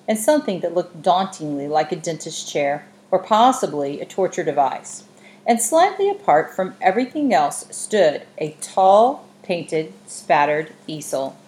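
Woman, audiobook narrator, measured, expressive, lowish voice.

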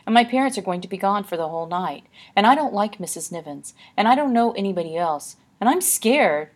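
A woman's voice: medium pitch, animated, normal speed, husky, pitched above the performer's own voice. A woman reading aloud, voicing a frightened young girl who speaks in an anxious, breathless, hesitant way. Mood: scared, urgent.

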